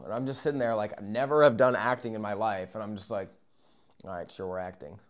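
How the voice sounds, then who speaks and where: A young man telling a casual, rambling story, acting out moments with yells and whispers. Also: fairly low pitch, moderate pace. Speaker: vlogger.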